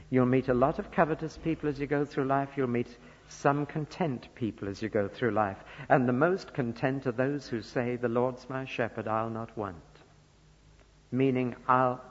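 A man from northern England preaching a sermon, earnest, moving between soft asides and loud emphasis. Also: medium pitch. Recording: dull lo-fi recording with long church reverb.

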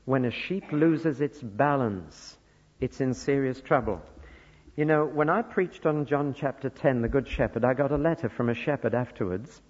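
A man from northern England preaching a sermon, earnest, moving between soft asides and loud emphasis. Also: medium pitch, normal speed, slightly rough. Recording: dull lo-fi recording with long church reverb.

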